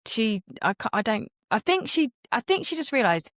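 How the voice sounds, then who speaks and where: A woman's voice: fairly high pitch, moderate pace, no echo, clean studio sound. A woman co-hosting a podcast, telling stories in casual chat, laughing often and acting out quotes. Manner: lively storyteller, laughs often, acts out quotes. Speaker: podcast co-host.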